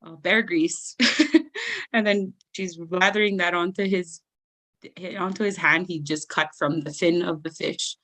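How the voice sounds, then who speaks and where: A young adult woman telling funny family stories as a guest storyteller at a live event, animated and laughing often. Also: on the low side, measured pace. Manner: animated, laughs often, acts out family members in raised voices.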